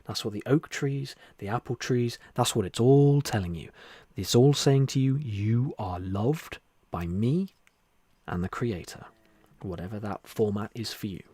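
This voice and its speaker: A man hosting a spiritual livestream, talking earnestly and repetitively, then softly whispering into a close microphone as he guides a meditation. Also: on the low side, expressive, measured pace, breathy edge, no room sound. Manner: earnest, repetitive, soft-spoken. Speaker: livestream host.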